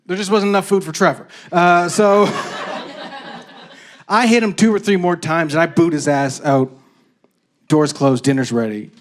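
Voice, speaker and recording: A man in his thirties from Canada performing a stand-up comedy set on stage into a handheld mic, telling stories in an animated way. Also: on the high side, measured pace. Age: 30s. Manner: animated storytelling, jumps into loud acted-out voices.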